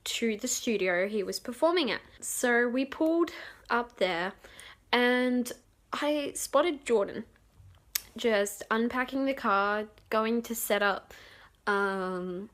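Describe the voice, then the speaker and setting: A young vlogger tells a rambling, excited storytime, giggling and loudly acting out quotes. Her fairly high voice moves slowly, full of fillers and restarts, with bursts of loudness.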